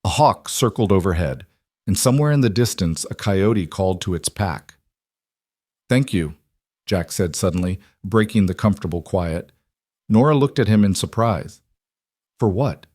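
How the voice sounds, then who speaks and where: Low-voiced man narrating a calm story. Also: moderate pace, no echo, studio quality. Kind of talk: scripted narration.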